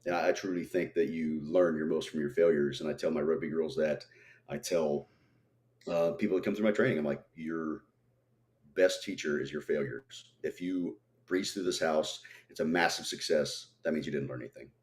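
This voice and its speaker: Very deep-voiced man talking tactics. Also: moderate pace. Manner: animated storyteller who acts out quoted voices. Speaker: guest, tactical trainer. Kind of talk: casual podcast conversation.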